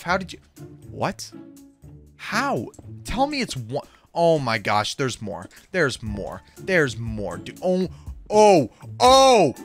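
Brief: young male gaming host, high-ish and animated, jokey reactions. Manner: excitable, jokey, quick reactions. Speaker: gaming YouTuber. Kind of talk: Minecraft gameplay commentary. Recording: faint music behind the voice.

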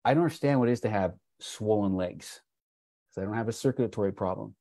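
A wellness product presenter on a video call tells a sales story in a folksy manner, his fairly low, mellow voice moving quickly with vocal fry. He keeps calling listeners "folks" and acts out the quotes of people in the tale.

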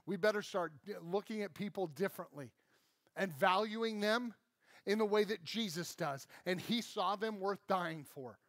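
A man's voice: high voice, normal speed, fairly bright tone, no room sound. A man preaching a sermon in an emphatic, conversational way, often checking in with "right?". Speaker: pastor. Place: church.

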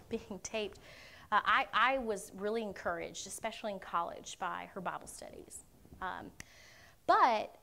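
Woman, conference speaker, earnest Q&A teaching, frequent check-ins, mid-pitched voice. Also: a bit bright. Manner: earnest, checks in with "okay?" often. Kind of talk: Q&A teaching talk. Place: university conference room.

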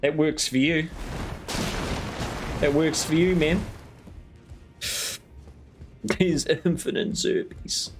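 A man's voice: on the high side, slow pace, pauses often, soft background music. A man with a New Zealand accent streaming a game late at night, chatting casually, teasing his viewers and swearing freely. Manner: laid-back, swears freely, teases his chat.

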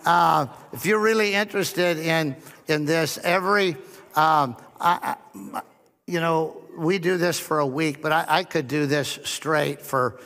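A middle-aged man preaching as a pastor, telling a story with touches of humor and quieter quoted dialogue. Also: fairly high pitch, measured pace. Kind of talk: sermon. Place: church hall. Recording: long hall reverb.

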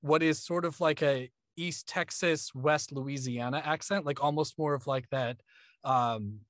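A man from New York chats on a podcast, joking and swearing freely. His voice sits a bit high. The mic is dry, with no room sound. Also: measured pace, no room sound. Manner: joking, profane, animated. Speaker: podcast co-host, audiobook narrator. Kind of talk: casual podcast chat.

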